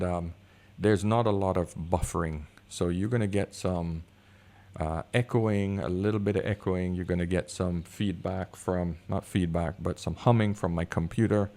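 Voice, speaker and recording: A deep-bass product reviewer chats casually about gear, easygoing and excitable, with plenty of fillers. He's recorded on a desk condenser microphone in a room with high concrete ceilings.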